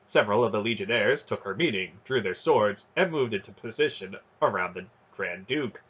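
Male fantasy audiobook narrator, low husky voice, muffled lo-fi recording. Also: moderate pace. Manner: dramatic storybook narration, expressive. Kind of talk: fan audiobook reading.

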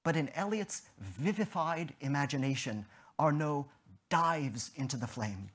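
A man giving an academic lecture, in a measured, deliberate way with emphatic stresses and a slightly husky voice. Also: on the high side, expressive, a bit bright.

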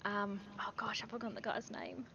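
A woman takes her turn in a tabletop game, speaking tentatively and often breaking into giggles. Her voice sits at a middle pitch. Faint noise hums underneath. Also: level tone, brisk, bright, forceful tone, muffled recording. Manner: tentative, with frequent um fillers and giggles. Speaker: player. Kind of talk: casual tabletop play.

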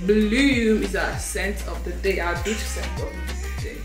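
A chatty woman vlogs her trip straight to camera, laughing often as she talks. Her voice sits at a middle pitch, and loud music plays behind her the whole time. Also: big pitch swings, unhurried, low-quality recording. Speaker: travel vlogger. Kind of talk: casual travel vlog chat.

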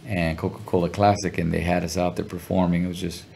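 A middle-aged man telling a story as an interview guest, relaxed and full of slang. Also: low-pitched, fast talker, vocal fry, a little hiss or hum. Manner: laid-back, chuckling, heavy slang. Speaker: guest musician.

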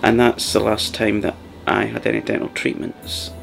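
A man hosting a soft-spoken ASMR chat, rambling and partly whispering as he talks. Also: fairly low pitch, monotone, moderate pace, creaky, faint music behind. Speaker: ASMR channel host.

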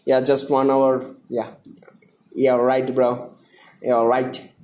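A young man from India hosting a live stream, greeting viewers by name and repeating himself excitedly. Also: medium pitch, slow, slight background noise.

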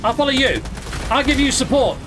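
A British man who hosts a gaming channel, talking through his play in a casual, excitable way and yelping when things go wrong. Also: very high voice, a little fast, noisy background. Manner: excitable, exclaims and yelps during fights. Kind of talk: casual let's-play commentary.

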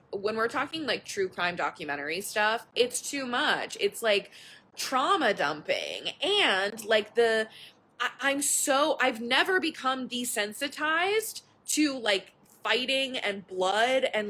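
A woman's voice: mid-range voice, sharp tone, slight background noise. A young woman hosting a casual live chat from her couch at home, candid and chatty, full of "like" and the odd swear word. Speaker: podcast host.

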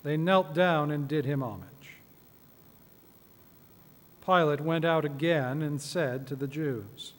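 A man's voice: fairly high pitch, measured pace. Solemn man reading scripture in church. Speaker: scripture reader at a midweek service. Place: church sanctuary. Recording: echoey church hall.

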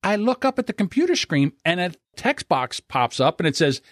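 A man with a South Jersey accent hosting a podcast, telling a profane, animated story. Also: high voice, moderate pace, dry recording, clean studio sound. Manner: animated, profane, acts out voices. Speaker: podcast host. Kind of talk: casual storytelling.

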